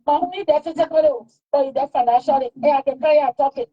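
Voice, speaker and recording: This high-voiced woman talks quickly, hammering her points home and saying the same things again during a heated, casual exchange. The recording sounds dull and lo-fi.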